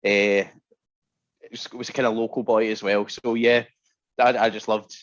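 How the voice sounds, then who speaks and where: A man's voice: fairly low pitch, flat delivery, normal speed, lo-fi sound. A Scottish man, a guest musician, telling stories in casual chat and laughing often. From Scotland. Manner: chatty storyteller, laughs often.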